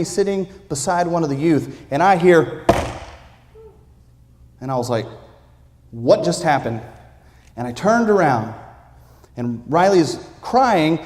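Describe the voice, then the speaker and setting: A man preaching, telling a lively personal story with acted-out quotes in a church. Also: on the high side. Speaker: pastor. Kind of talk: sermon storytelling. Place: church sanctuary. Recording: long reverb of a church sanctuary.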